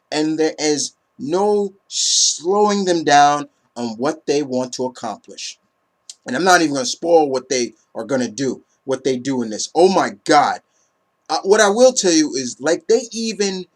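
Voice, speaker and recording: A man giving a casual comic book review in an excitable, profane, ranting way. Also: on the high side. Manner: excitable, swearing, animated rants.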